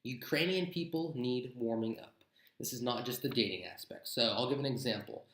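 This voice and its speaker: A man's voice: medium pitch, moderate pace, a bit bright. Blunt, chatty young man in echoey room. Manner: chatty, blunt, gives tips with mock examples. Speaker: travel vlogger. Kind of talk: casual advice vlog to camera.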